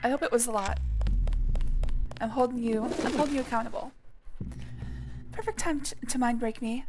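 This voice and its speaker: A woman's voice: on the high side, normal speed. A woman streamer giving casual let's-play commentary, rambling with self-mocking jokes. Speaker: streamer playing a game. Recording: game music clearly behind.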